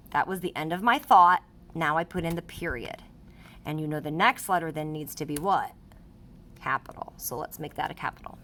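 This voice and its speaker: A woman's voice: sits low, fairly quick, sharp tone. A woman teaching a writing lesson to third graders, reading her example sentences aloud as she explains punctuation.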